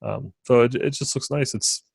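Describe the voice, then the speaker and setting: A man's voice: medium pitch, normal speed, creaky, husky, no echo. A man co-hosting a casual tech podcast, talking in a rambling way with many fillers. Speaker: podcast co-host.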